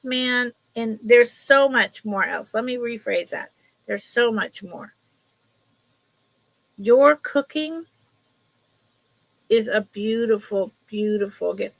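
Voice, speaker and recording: A woman's voice: medium pitch, creaky, a bit bright, rough recording. A middle-aged woman hosting a live jewelry sale, chatting casually and rambling between viewers, her cat and the pieces she shows. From California. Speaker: live sale host selling vintage jewelry. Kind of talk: casual live-stream sales chat.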